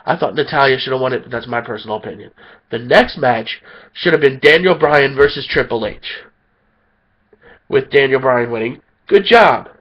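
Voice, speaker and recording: A man's voice: medium pitch, normal speed, highs cut off. A man ranting angrily about wrestling, sounding tired and a little sick. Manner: heated, indignant ranting. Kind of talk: angry opinion rant.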